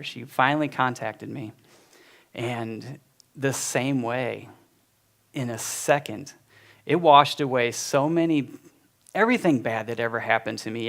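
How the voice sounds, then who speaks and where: This is a creaky, medium-pitched male voice. He's in his forties and is giving a heartfelt personal testimony to his church community, recounting his story conversationally with plenty of fillers.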